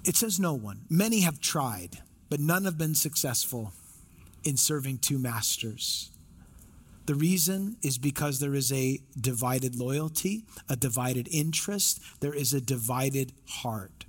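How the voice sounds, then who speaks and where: A man's voice: medium pitch, expressive, unhurried, husky. A male pastor preaching a sermon, emphatic, with repeated phrases and rhetorical questions.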